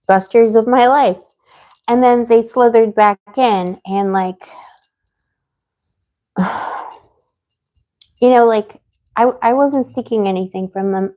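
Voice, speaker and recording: A woman's voice: fairly high pitch, warm tone. A woman hosting a tarot live stream, chatting casually with viewers, rambling and getting heated as she vents. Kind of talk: casual livestream chat answering viewers.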